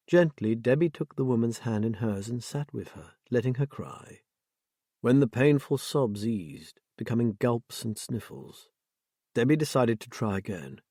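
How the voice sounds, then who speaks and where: A male narrator reading a thriller audiobook in a measured, expressive voice. His pitch rises and falls a great deal, and the recording is dry and close, made at a studio mic. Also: breathy edge, dry recording.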